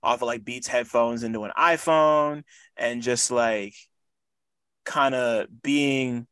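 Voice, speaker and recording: A man's voice: mid-range voice, fairly even intonation, slow pace, a bit bright, smooth, dry recording. A man interviewing a guest in a casual chat, rambling through his questions with many filler words.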